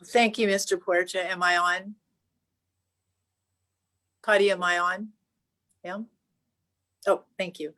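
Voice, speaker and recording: A woman's voice: on the low side, steady tone, sharp tone. Earnest woman senator at a podium. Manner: earnest, measured, partly read remarks. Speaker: state senator. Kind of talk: press conference statement.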